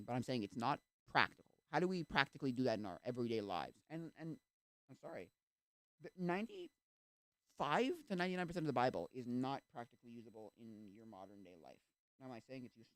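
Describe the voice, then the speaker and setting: Rambling young man, fast and lively. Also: medium pitch, no room sound. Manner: rambling, full of fillers and tangents, acts out quoted voices. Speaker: livestreamer. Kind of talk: casual chat.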